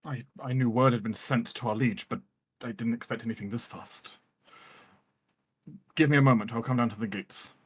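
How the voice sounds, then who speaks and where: A man's voice: mid-range voice, normal speed, pauses often, husky, natural voice. A man voicing an armored male house guard in a tabletop game, giving curt commands. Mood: uneasy.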